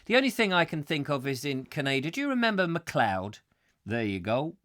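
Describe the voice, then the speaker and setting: A man's voice: a little high, sing-song, quick pace, pushed and bright. A man from England hosting a live comic chat show, rambling and jokey. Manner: rambling, jokey, does silly voices.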